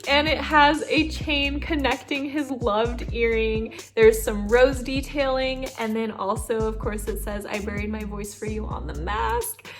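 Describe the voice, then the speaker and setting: A woman vlogger chatting through an unboxing video, gushing and excitable, often exclaiming with delight. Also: fairly high pitch. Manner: gushing, excitable, lots of "oh my gosh".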